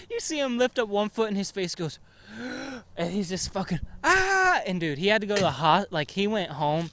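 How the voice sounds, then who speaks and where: A man's voice: high-pitched, expressive, brisk. A young man hosting a podcast, telling rambling childhood stories in casual chat and swearing a lot. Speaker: podcast host.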